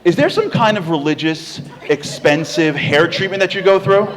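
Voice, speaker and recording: A woman's voice: on the low side, lively intonation, normal speed, natural voice. A man voicing an amazed, curious office worker woman who gushes bewildered questions, heard in a hall with long reverb.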